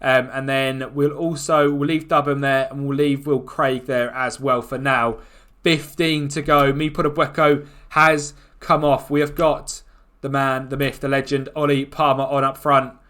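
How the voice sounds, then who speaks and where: A gaming YouTuber with a mid-range voice commentates on his own football management game. He's excitable, quick to groan and shout at what's happening.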